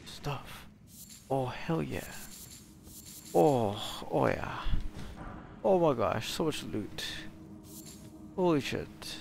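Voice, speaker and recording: A man giving casual, excitable commentary while he plays a video game, swearing and talking to himself. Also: mid-range voice, extremely slow, creaky, long pauses, a little hiss or hum. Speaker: gaming video creator. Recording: game music playing behind.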